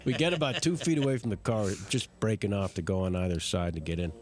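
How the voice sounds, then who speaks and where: A man telling a comic anecdote in an animated, storytelling way. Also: lowish voice, fast. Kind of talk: comic anecdote on a talk show.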